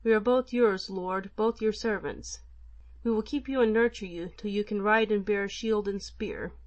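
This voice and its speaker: A woman's voice: mid-range voice, fairly even intonation, normal speed, darkish tone, highs cut off, lightly acted. A woman voicing a humble male fisherman and servant who speaks earnestly. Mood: awed.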